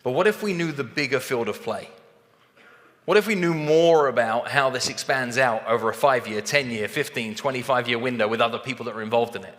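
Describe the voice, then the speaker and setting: A man giving a motivational talk on a stage, animated and acting out both sides of conversations. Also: medium pitch, a little fast, long reverb tail. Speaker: sales trainer speaking on stage.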